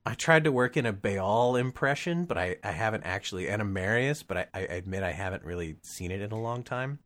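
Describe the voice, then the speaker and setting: A male podcast co-host in loose casual chat who rambles, stops and restarts, and laughs often. His pitch moves around a lot, with lively ups and downs. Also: brisk.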